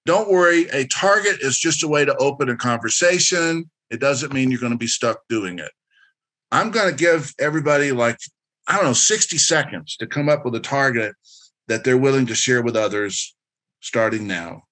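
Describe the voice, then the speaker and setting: A man's voice: medium pitch, lively intonation, normal speed, fairly bright tone. A man presenting a career workshop in a direct, instructive and encouraging way, drawing answers from participants. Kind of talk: interactive workshop lecture.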